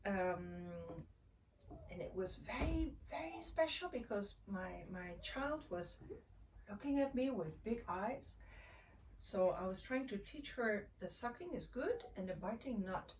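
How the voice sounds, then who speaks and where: A woman, a mother sharing her own experiences in a gentle, reflective way, often pausing and restarting. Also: medium pitch, animated. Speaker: mother sharing parenting tips. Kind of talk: casual personal storytelling. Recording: voice a little far from the mic, faint ambient noise.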